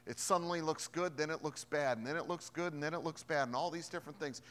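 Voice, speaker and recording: A man preaching a sermon as a pastor, moving between hushed storytelling and loud, emphatic preaching. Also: fairly high pitch, quick pace. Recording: long hall reverb.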